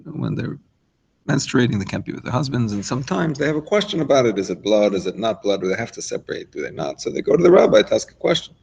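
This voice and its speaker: A man's voice: medium pitch, gravelly, darkish tone, slightly rough, poor audio. A man giving an informal Torah lesson, talking it through conversationally with asides and restarts. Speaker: rabbi teaching a class.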